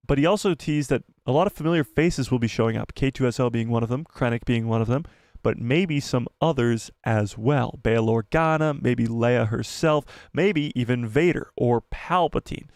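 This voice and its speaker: A man hosting a casual live stream, excitable, swearing and reading the chat aloud. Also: medium pitch, no room sound, studio quality.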